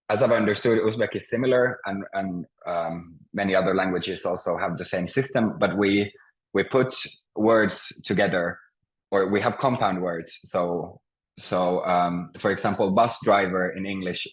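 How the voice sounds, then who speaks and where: A man teaching a language class over a video call, speaking patiently with many pauses and restarts. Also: sits low, poor audio. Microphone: computer mic on a video call.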